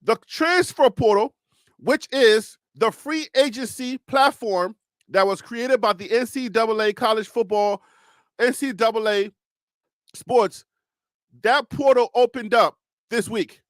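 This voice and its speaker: A man hosting a live sports talk show, speaking in a calm, reassuring, preacher-like cadence and often repeating and restarting phrases. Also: very high voice, unhurried, no room sound, clean studio sound.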